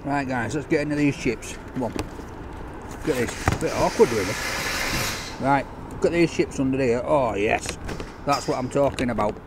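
A man's voice: mid-range voice, normal speed, background noise. A man reviewing a takeaway meal in a chatty, enthusiastic, jokey way, talking outdoors on a street. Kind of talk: casual food review vlog.

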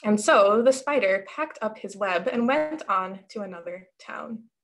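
A woman telling a story for all ages in a worship service, narrating with wry, lively storybook timing. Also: mid-range voice, unhurried.

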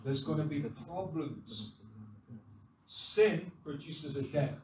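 A fervent man preaching in a large church, his voice set fairly high for a man and rising to loud exhortation. He is heard from some distance, with the sound ringing around the hall. The congregation calls back to him throughout. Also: lively intonation, slow, a little hiss or hum. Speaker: pastor. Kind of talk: sermon. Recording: echoey hall, voice from far off. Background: congregation responding.

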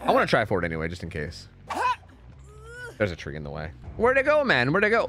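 A man's voice: on the low side, wildly swooping pitch, fast, pauses often, sharp tone. A man streaming a video game, chatting casually and rambling with lots of fillers and swearing. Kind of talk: casual gaming stream chat.

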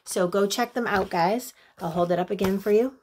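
A woman in her thirties unboxing gifts in a casual vlog, gushing and excitable as she talks straight to her viewers, and turning soft and halting when she is moved. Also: medium pitch, a little hiss or hum. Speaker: vlogger.

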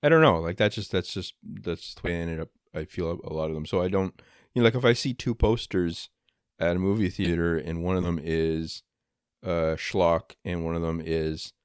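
Low-voiced rambling male podcast host. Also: normal speed, smooth, no room sound, studio quality. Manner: rambling, hedging with many fillers. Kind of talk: casual podcast discussion.

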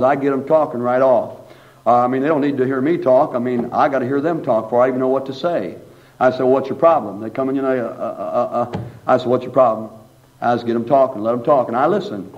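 A man preaching a sermon as pastor, in a folksy, animated manner full of asides. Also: medium pitch. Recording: dull lo-fi sermon recording.

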